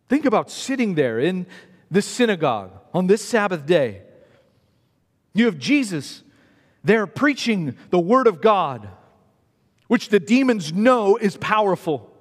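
A man's voice: high-pitched, sing-song, measured pace, pauses often. A man preaching a sermon in an emphatic way, repeating phrases for stress. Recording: long reverb of a hall.

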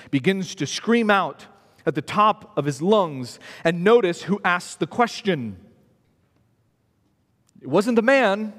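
A man's voice: sits high, fairly bright tone. A man preaching a sermon in an emphatic way, repeating phrases for stress. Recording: long reverb of a hall.

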